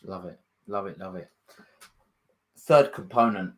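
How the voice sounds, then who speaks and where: A man's voice: sits low, unhurried. Upbeat male webinar host. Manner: upbeat, reads out viewer questions. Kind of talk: webinar interview.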